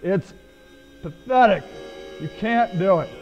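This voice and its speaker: A man's voice: high voice, lively intonation, slow, soft background music. A man hosting a web marketing show, talking emphatically about good and bad websites. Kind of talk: energetic video commentary. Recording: dull, roomy lo-fi web video audio.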